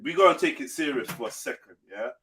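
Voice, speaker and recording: A man's voice: medium pitch, expressive, quick pace, fairly bright tone. A man hosting a live online panel show, hyping the audience and teasing his guests in casual banter. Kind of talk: casual live-stream chat.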